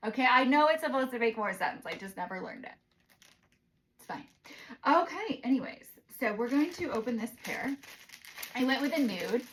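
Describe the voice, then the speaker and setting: A young adult woman from the United States chatting casually in a vlog, sassy and animated, dropping into whispers for asides. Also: sits high, normal speed, long pauses, a little hiss or hum, low-quality recording. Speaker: vlogger doing product try-ons.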